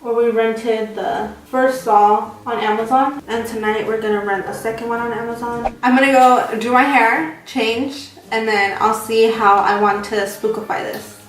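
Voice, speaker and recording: A woman's voice: a little high, steady tone, normal speed, few pauses, a little hiss or hum. A young woman in her twenties chatting casually while doing her makeup for a get-ready-with-me vlog, rambling and poking fun at herself. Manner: chatty, rambling, self-mocking. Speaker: beauty vlogger. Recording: very echoey room, from far off.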